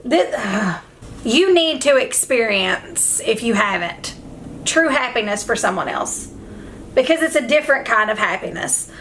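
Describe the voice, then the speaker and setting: A woman's voice: fairly high pitch, animated, unhurried, a bit bright, a little hiss or hum. A young woman chatting casually at home while doing her makeup, emotional and effusive, rambling from one thought to the next. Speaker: beauty vlogger. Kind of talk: casual get-ready-with-me chat. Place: at home, indoors.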